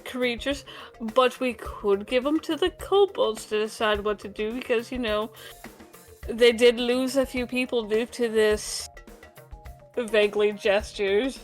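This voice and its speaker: A woman playing a tabletop game, animated and persuasive. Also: a little high, measured pace, soft background music. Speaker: player. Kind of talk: casual chat in a tabletop game.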